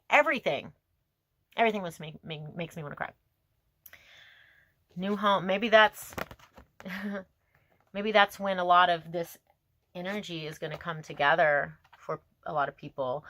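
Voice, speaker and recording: A woman reads tarot cards to a phone camera outdoors, musing aloud and talking to herself. She gushes and sounds emotional, and her voice sits a little low. The sound is dry and close, with no room echo. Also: pushed and bright. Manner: gushing, emotional, talks to herself, frequent laughs. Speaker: tarot reader. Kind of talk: casual tarot reading to camera.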